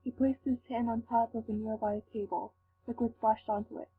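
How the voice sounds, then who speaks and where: A woman reading fan fiction aloud, slowly and carefully. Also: on the high side, steady tone. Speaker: fanfic reader. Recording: tinny lo-fi with faint hum.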